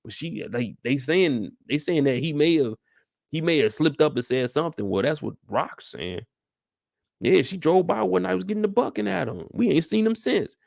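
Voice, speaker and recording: A man hosting a TV after-show, recapping an episode in animated, slangy storytelling to his viewers. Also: fairly high pitch, normal speed, creaky, no echo, studio quality. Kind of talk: casual episode recap commentary.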